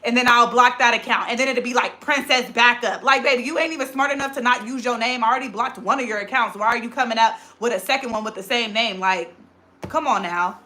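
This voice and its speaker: A woman in her thirties hosting a casual livestream on her phone, chatting quickly as she reads out viewer comments. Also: fairly high pitch, pushed and bright. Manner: very fast, rapid-fire talker. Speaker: livestream host.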